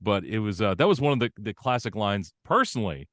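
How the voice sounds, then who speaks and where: A man with a low voice speaks in a dry, close recording. He is a guest on an interview show, telling stories about his voice acting with lively energy. He laughs often and jumps into a higher, brighter showman tone whenever he quotes someone. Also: brisk, no echo. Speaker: voice actor guest. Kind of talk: casual interview chat.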